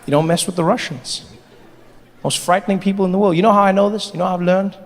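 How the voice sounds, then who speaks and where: A man performing a stand-up comedy set, animated and playful, on a large theater stage. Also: high-pitched, quick pace. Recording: long hall reverb, faint noise.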